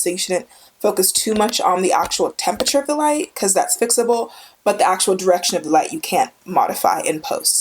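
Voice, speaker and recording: A woman's voice: on the low side, a little mellow, slight background noise. A young woman hosting a casual photography tutorial, talking on camera in a chatty, enthusiastic way with emphatic repetitions. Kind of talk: casual instructional vlog. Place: indoors with a studio light. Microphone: camera mic, speaker on camera.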